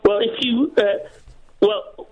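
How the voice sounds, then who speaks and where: A man calling in to a radio show, talking earnestly and haltingly. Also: extremely high pitch, steady tone, poor audio. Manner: earnest, halting, repeats himself. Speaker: caller. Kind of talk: casual chat on the phone to a radio show.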